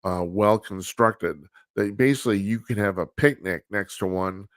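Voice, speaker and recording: A man's voice: on the low side, normal speed, smooth, no room sound, clean studio sound. A man hosting a live talk show, giving casual political commentary in a blunt, rambling, profane way with frequent restarts. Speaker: radio talk show host. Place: studio, live broadcast with video calls.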